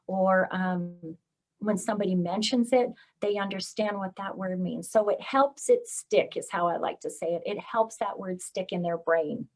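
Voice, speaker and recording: A middle-aged woman speech-language pathologist giving a parenting talk with slides, acting out sing-song examples of talking to a toddler. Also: medium pitch. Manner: animated when acting out parent-child examples.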